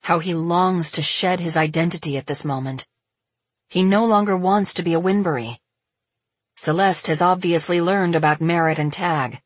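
Husky woman narrating an audiobook. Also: lowish voice, normal speed, no echo. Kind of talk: scripted narration.

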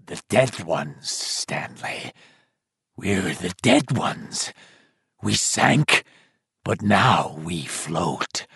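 A mud-choked, bubbling chorus of the drowned dead. The voice is dragged out slowly, sunk very low and half-whispered, as if from somewhere farther off, and it mocks its victim. It is set against a dry, close studio sound. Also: male voice, very animated, gravelly, fairly bright tone, slightly rough, no room sound, exaggerated voice. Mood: menacing. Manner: slow, drawn-out, half-whispered. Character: drowned dead children, bubbling, menacing, mocking. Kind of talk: audiobook reading.

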